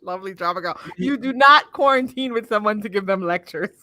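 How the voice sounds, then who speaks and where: Bright-voiced woman chatting on a podcast, laughs a lot, dry close mic. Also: mid-range voice, fairly quick, no echo. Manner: laughing often, animated and teasing. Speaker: podcast co-host. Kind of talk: casual chat. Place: home.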